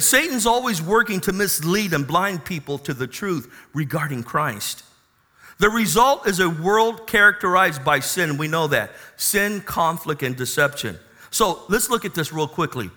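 A man preaching a sermon as a pastor, telling a personal story with passion and loud emphatic bursts. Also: sits high.

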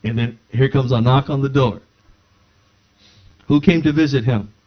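A man preaching a sermon, telling a personal story with lively acted-out dialogue. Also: medium pitch, normal speed. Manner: animated, acts out dialogue in his stories. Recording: dull lo-fi recording.

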